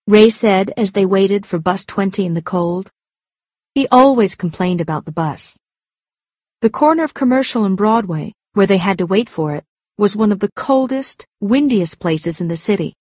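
A woman narrating a story aloud in a clear, measured storytelling manner. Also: medium pitch, a little mellow, no room sound, clean studio sound. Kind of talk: scripted audiobook narration.

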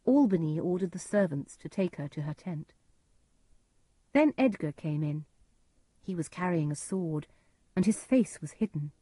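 Woman storybook narrator, dark husky voice, measured, dry sound. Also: on the low side, expressive, no echo. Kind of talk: storybook narration of a simplified classic.

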